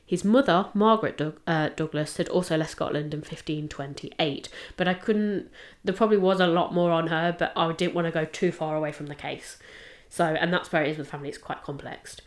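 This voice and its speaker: A woman's voice: sits low, brisk, few pauses. A woman co-hosting a podcast, telling a history case in rambling casual chat. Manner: chatty, rambling, with fillers and self-checks. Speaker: podcast co-host presenting the case.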